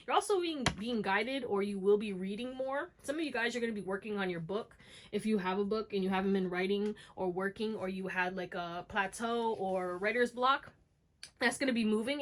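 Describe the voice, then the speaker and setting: A woman doing a casual, chatty tarot reading, talking straight to her viewers and swearing now and then. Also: medium pitch. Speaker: tarot reader.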